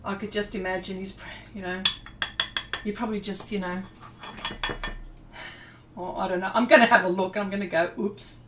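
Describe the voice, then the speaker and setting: A woman's voice: mid-range voice, fairly even intonation, normal speed, long pauses, background noise. Chatty woman painting live. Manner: chatty, laughs often, reads and answers viewer chat. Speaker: artist livestreaming a painting session. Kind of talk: casual chat while painting.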